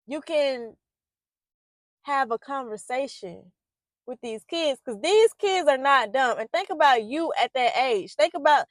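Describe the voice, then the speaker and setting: With a high, expressive voice at normal speed, a parenting vlogger and poet gives a sincere, reflective monologue about parenting on a dry recording. She rambles loosely with many fillers and restarts, and her volume and emphasis rise whenever she makes a point.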